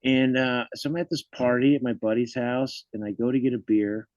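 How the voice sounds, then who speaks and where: A comedian in casual podcast chat, an animated storyteller who swears and laughs a lot. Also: male voice, mid-range voice, fairly quick, dry recording, muffled recording. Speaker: comedian guest.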